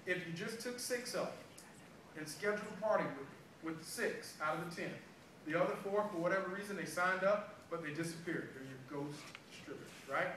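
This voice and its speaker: A man's voice: high-pitched, fairly quick, pushed and bright. A man giving a sales training talk to a live group, acting out the dialogue of a story. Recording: echoey room, far from mic, background noise.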